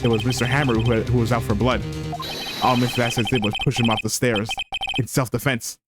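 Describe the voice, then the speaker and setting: A man reading the part of an earnest young defense lawyer who lays out his case, with loud game music behind him. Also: medium pitch, level tone, brisk, close to an everyday voice.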